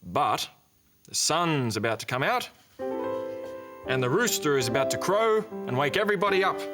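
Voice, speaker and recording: A man presenting a children's TV show, gently telling a story with toys and playing with animal sounds. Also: fairly high pitch, sing-song, normal speed. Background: guitar music.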